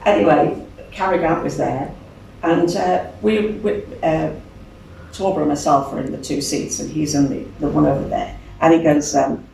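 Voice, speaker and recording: A deep, gravelly voice at a moderate pace belongs to an older singer from Birmingham, England, appearing as an interview guest. She tells stories in a chatty, animated way, laughing often and acting out other voices. Slight background noise comes through a distant mic in an echoey venue room.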